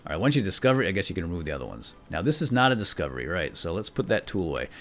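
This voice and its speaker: A man giving excitable, jokey commentary while playing a video game. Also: sits low, rapid-fire, faint music behind. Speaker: let's play gamer. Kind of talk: casual gameplay commentary.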